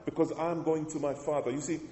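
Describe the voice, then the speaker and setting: Male pastor, mellow and fairly high, preaching in a big echoey church; builds to emphatic lines. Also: steady tone, quick pace. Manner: preaching with rising emphasis, calls for amens. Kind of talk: sermon.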